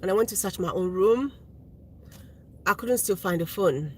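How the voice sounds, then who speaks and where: A woman's voice: medium pitch, expressive, normal speed, slight background noise, low-quality recording. A woman speaking as a mother, earnestly recounting a family episode in casual storytelling with many restarts. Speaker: parent telling a story.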